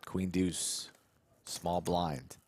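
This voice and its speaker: Brief: male poker caller, very low voice, jokey and chatty, faint hiss under him. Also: steady tone, extremely slow, a little mellow. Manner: jokey, banters with live chat. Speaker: poker commentator. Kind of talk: live poker stream commentary. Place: commentary booth.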